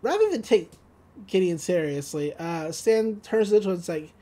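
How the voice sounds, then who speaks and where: A woman co-hosting a podcast, casually recapping a cartoon episode, laughing often and slipping into quick voices for the quotes. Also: fairly low pitch. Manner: giggly, animated retelling with quick voices for quotes. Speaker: podcast co-host.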